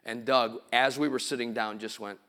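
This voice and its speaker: A man's voice: mid-range voice, steady tone, moderate pace, bright, forceful tone. A middle-aged man, a pastor, preaching a sermon in a church. He tells stories, acts out sounds and quotes, and builds to emphatic preaching. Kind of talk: sermon with storytelling. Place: church sanctuary.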